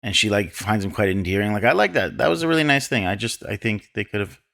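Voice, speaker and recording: Man, podcast co-host, film trivia, casual, deadpan humor. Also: lowish voice, fast, creaky. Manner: reads trivia notes aloud, dry deadpan jokes.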